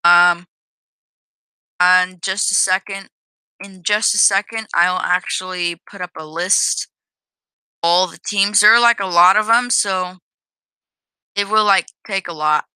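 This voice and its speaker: Slow, very bright-voiced woman narrating gameplay. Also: mid-range voice, smooth, no echo, poor audio. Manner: hesitant, many restarts and self-corrections. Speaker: game developer showing own game. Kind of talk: casual gameplay commentary.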